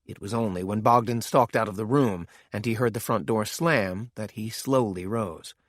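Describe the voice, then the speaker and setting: A man reading a thriller audiobook in a steady, measured narration. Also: fairly low pitch, no room sound, studio quality.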